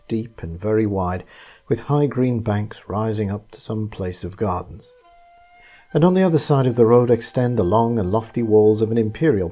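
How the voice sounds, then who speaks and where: A man reading a ghost story aloud in a calm, measured scripted narration. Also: on the low side, slightly rough.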